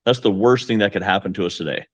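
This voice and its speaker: A man's voice: lowish voice, animated, quick pace, breathy edge, dry recording. A man talking as a guest mortgage coach, with an emphatic, pep-talk delivery. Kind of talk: casual podcast conversation.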